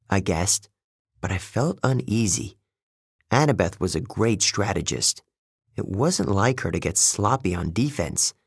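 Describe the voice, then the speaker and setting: Male storyteller, low-pitched and husky, measured first-person narration. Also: no room sound, studio quality. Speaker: audiobook narrator.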